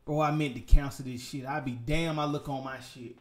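A young man, ranting loudly and profanely in a casual gaming vlog. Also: mid-range voice, brisk. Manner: animated, profane ranting with sudden loud outbursts. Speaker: gaming vlogger.

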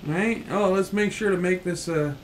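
A man's voice: sits high, moderate pace, slight background noise. A man playing a video game with a friend, chatting casually, swearing and getting frustrated. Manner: frustrated, swearing, bursts into shouts. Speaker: gamer. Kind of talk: casual let's play chat.

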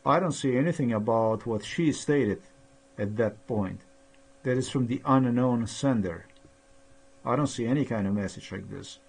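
A man in a rambling personal monologue, halting with many pauses and fillers, sounding aggrieved and accusatory. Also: mid-range voice, vocal fry, a little mellow, slightly rough. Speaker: vlogger.

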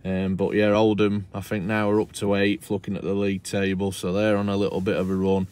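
Man, football vlogger, casual chat, hesitant with many fillers, low and flat delivery. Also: fairly quick, smooth. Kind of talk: casual vlog wrap-up.

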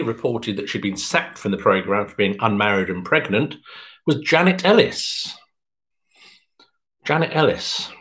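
A man hosting an online pub quiz, reading answers in a chatty, jokey way. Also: fairly bright tone. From England. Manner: chatty, jokey, pitch jumps up when announcing. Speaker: quiz host.

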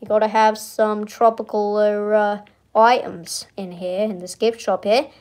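A woman doing an impression of a 1960s male politician, talking in a slow, halting drawl full of stalls. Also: mid-range voice, level tone, natural voice. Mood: pompous.

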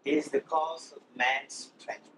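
A man being interviewed, speaking in short, blunt pronouncements broken by pauses. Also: on the high side, fairly even intonation, fairly bright tone, a little hiss or hum, poor audio. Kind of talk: conversational interview.

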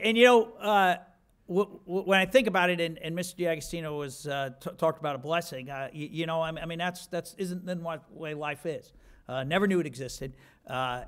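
A man's voice: a little high, a bit bright. A man in his fifties giving a rambling, self-deprecating acceptance speech with many restarts.

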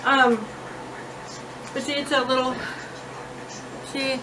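A woman filming herself at home, telling a story-time vlog in a chatty, animated, blunt way. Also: high-pitched, slow pace, noisy background. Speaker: vlogger. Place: at home with her cats. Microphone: own phone or camera, self-filmed.

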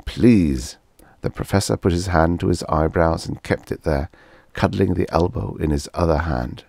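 A man narrating vintage science fiction short stories in a measured, storytelling delivery. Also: low-pitched, creaky, a little mellow, no room sound. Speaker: audiobook narrator.

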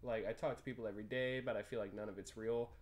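A man's voice: fairly low pitch, steady tone, quick pace, background noise. Laid-back swearing young man gaming. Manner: laid-back, swears freely, reads choices aloud. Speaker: gaming YouTuber. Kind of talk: casual game commentary.

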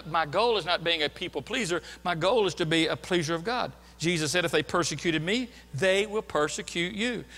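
A man's voice: sits high, pushed and bright, big-room sound. A man preaching a sermon as a pastor, earnest and emphatic, repeating his key points. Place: church sanctuary.

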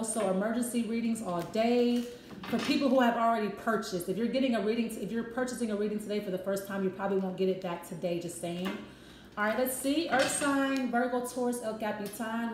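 A woman giving a casual tarot love reading, chatty and repetitive, with frank, profane asides. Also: medium pitch. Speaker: tarot reader. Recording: echoey room with faint noise.

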